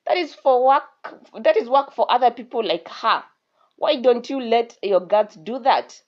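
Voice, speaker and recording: A woman's voice: a little high, a little slow, lightly acted. A woman voicing a nosy young maiden. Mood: prying. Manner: prying, disapproving. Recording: dull lo-fi recording.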